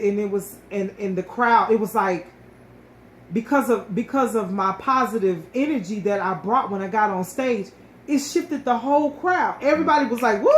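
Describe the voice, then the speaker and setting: A woman telling a personal story in a casual, emotional way, often restarting and repeating words. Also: on the high side. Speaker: co-host sharing her story. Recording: echoey room with faint ambient noise.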